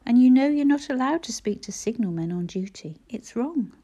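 A woman's voice: on the high side, animated, normal speed, dark tone, voice pushed up. A woman voicing a rule-minded young boy in a storybook reading, prim and lecturing.

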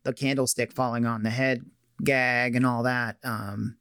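A man's voice: medium pitch, flat delivery, measured pace, a bit bright, clean tone, dry recording, clean studio sound. A man co-hosting a casual movie review chat, speaking hesitantly, with frequent ums and restarts. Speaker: podcast co-host.

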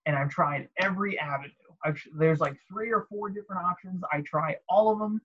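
Man, husky, slightly high voice, podcast co-host, animated storytelling, dull lo-fi audio. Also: fairly quick. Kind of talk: casual chat.

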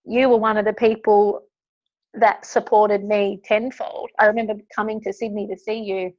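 A woman hosting a podcast, tearful and heartfelt, talking warmly and effusively with friends. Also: mid-range voice, flat delivery, normal speed, lo-fi sound. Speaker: podcast host. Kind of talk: emotional podcast conversation.

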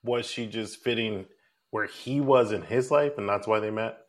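A man with a fairly low voice co-hosts a podcast and muses casually about a film. He asks questions as he thinks things through aloud. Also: moderate pace. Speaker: podcast co-host. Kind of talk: casual movie discussion.

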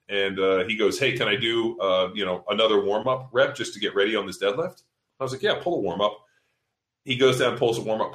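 A man's voice: fairly low pitch, fairly bright tone, roomy sound. A man coaching fitness seminars, telling a story in casual podcast talk, blunt and profane, acting out what people said. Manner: profane, blunt, acts out quotes.

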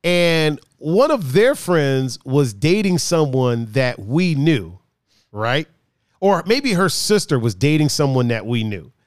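A man's voice: on the high side, big pitch swings, slow, clean tone, no room sound, studio quality. A young man casually telling a story about a friend, laughing often, swearing and acting out the others' lines.

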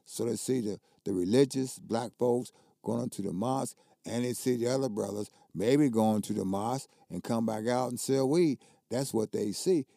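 A man's voice: mid-range voice, normal speed, creaky, mellow, no room sound, studio quality. An older man, a basketball coach telling stories as a guest in casual, emphatic, colloquial talk. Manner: colloquial, emphatic, repeats words when worked up. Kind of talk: casual conversational storytelling.

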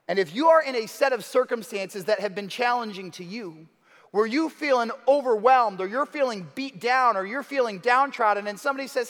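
A pastor preaches a sermon in conversational, animated style, telling the story casually and acting out the quotes. His voice is extremely high-pitched at normal speed, and the long reverb of a large hall surrounds it.

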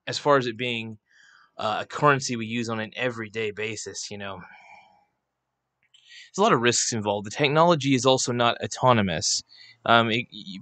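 A man's voice: mid-range voice, a bit bright, dry recording. A man hosting a casual livestream, rambling and swearing freely as he rants, speaking into a desk microphone. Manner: rambling, profane, irreverent. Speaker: livestream host. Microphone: desk microphone, not clipped on.

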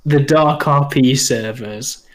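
A young man telling animated, sweary gaming stories through laughter. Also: mid-range voice, a little slow, a crowd in the background. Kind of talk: casual gaming chat.

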